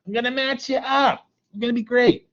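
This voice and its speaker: A man voicing a doting matchmaker grandmother in a coaxing, gossipy sales-pitch manner, with muffled lo-fi audio. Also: fairly even intonation, fairly quick, fairly bright tone.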